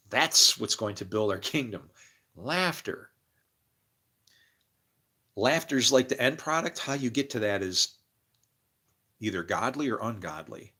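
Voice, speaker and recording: Animated and unhurried, with frequent pauses, a medium-pitched man preaches a meandering religious monologue on a livestream. His volume lurches from murmuring to sudden loud bursts, and he laughs between phrases.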